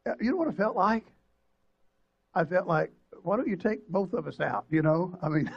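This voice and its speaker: Older pastor, husky voice. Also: male voice, high voice, lively intonation, highs cut off. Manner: emotional, halting storytelling with many restarts and acted quotes. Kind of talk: sermon storytelling. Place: church sanctuary.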